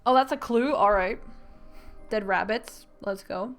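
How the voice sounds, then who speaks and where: A woman's voice: medium pitch, unhurried, fairly bright tone, soft background music. A woman giving casual game commentary, chatty, full of "like" fillers, reading on-screen text aloud. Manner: chatty, many "like" fillers, reads dialogue aloud. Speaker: game streamer.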